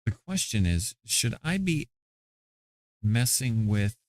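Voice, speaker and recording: A man's voice: medium pitch, very animated, slow pace, a little mellow, no room sound, studio quality. A middle-aged man hosting a casual livestream, talking to himself offhandedly while he tweaks his audio settings. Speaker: livestream host.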